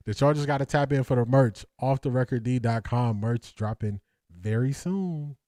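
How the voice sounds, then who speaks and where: A man's voice: mid-range voice, unhurried, mellow, no echo, clean studio sound. A man hosting a casual live stream, reading comments aloud, laughing often and repeating catchphrases in slangy talk. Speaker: host.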